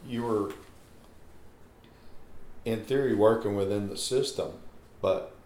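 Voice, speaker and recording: A man's voice: lowish voice, slow pace, a little mellow, roomy sound. A man interviewing a guest, asking hesitant, probing questions.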